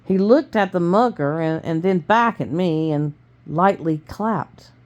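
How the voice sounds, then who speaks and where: A woman reading a novel aloud to her family in plain, steady storytelling with small stumbles. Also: fairly low pitch, measured pace, dull audio. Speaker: family reader.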